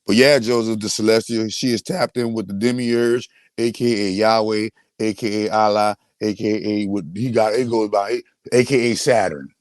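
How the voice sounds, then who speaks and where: A man's voice: on the low side, steady tone, moderate pace, few pauses, dry recording. Man, boastful livestream rant, very dry sound. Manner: boastful, repetitive, restarts often. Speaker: host.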